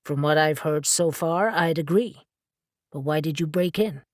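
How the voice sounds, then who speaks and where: A woman voicing a gruff, blunt, sarcastic male dealer in magical objects who swears freely. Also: low-pitched, a little slow, no room sound, clean studio sound.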